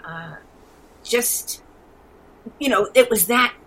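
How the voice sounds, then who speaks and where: A woman in her seventies with a New York accent, telling rambling, animated stories as an interview guest. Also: fairly high pitch, slow, rough recording. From New York City. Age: 70s. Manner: rambling, animated storyteller with frequent restarts. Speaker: guest artist. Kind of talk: casual interview.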